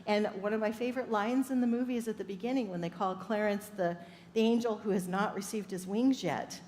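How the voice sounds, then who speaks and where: A woman's voice: medium pitch, brisk, a little mellow, slight background noise. A woman minister giving an upbeat sermon, telling stories and laughing often. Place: church sanctuary. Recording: echoey hall with faint ambience.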